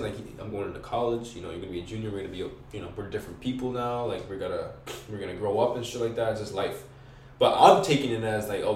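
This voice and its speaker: A young man telling a casual story in heavy slang and profanity, acting out his own quoted lines. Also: fairly low pitch. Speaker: podcast guest. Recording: roomy, distant mic, faint noise.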